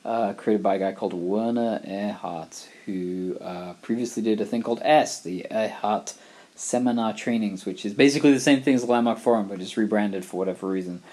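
A man's voice: on the low side, a little mellow. A middle-aged man from England, talking in a wry, rambling, digressive monologue. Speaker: vlogger. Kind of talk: casual monologue.

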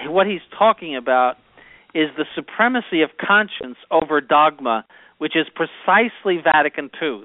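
A man speaks as a bishop, laying out doctrine in steady, explanatory terms. His voice comes through narrow and tinny, like a phone line. The sound is close and dry. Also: a little high, dry recording. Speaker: bishop and co-host. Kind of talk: conversational religious commentary.

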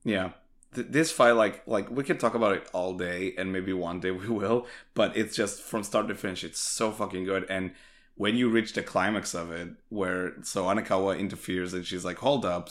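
A man's voice: deep voice, moderate pace. A man co-hosting a podcast, chatting casually and enthusiastically about a film, swearing often and acting out the characters' lines. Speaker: podcast co-host. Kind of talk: casual chat recapping a film.

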